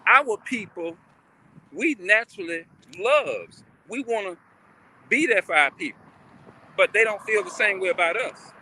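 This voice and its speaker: A man's voice: high voice, moderate pace, pushed and bright, slight background noise. A man talking casually on a live stream, rambling and repeating himself as he keeps asking listeners questions. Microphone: phone or webcam on a live stream.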